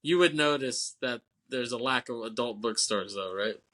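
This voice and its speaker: A podcast co-host chats casually about a film in a bright, forward voice at medium pitch. He laughs a lot, swears freely, and drops into quick impressions of the characters' lines as he recaps it.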